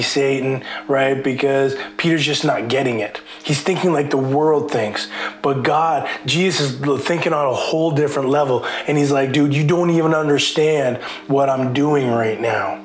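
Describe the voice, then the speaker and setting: A man preaching a casual sermon, chatty and animated, acting out voices as he retells the story. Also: medium pitch, echoey room, slight background noise. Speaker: pastor.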